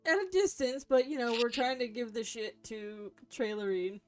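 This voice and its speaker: A woman player in casual tabletop banter, speaking in a low-key, deadpan way. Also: moderate pace, faint music behind.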